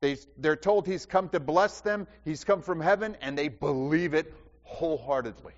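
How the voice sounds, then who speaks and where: This pastor's fairly high voice moves at a moderate pace as he preaches, questioning the congregation and repeating phrases for emphasis. The audio is dull and carries a long hall reverb.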